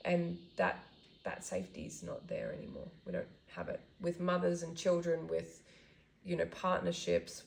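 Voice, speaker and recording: A woman's voice: fairly low pitch, very animated, normal speed, gravelly, slight background noise, poor audio. A woman hosting a podcast, speaking in a thoughtful, affirming way. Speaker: podcast host. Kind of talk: reflective casual conversation.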